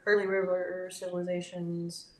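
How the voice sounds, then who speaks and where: A woman's voice: lowish voice, monotone, normal speed, darkish tone, roomy sound. A woman co-hosting a podcast, speaking casually and matter-of-factly, reading details out of a book. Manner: matter-of-fact, reads out from a book. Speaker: podcast co-host. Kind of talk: casual chat.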